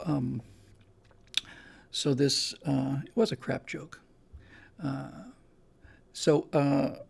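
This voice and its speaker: A man's voice: medium pitch, vocal fry, darkish tone, husky. A man hosting a podcast, talking in a casual, emphatic monologue with frequent restarts. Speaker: podcast host.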